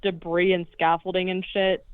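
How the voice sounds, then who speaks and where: A woman's voice: lowish voice, flat delivery, normal speed, smooth, dry recording. A woman co-hosting a podcast, casually retelling a movie's plot and swearing as she goes. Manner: swearing, jokey retelling with quoted lines. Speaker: podcast co-host. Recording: dry tinny phone-like line.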